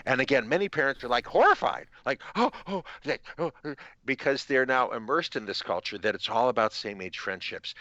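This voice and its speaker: A man speaking as a guest author on a podcast, explaining his views emphatically and sometimes mimicking kids in animated voices. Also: medium pitch, no room sound, highs cut off. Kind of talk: interview answers.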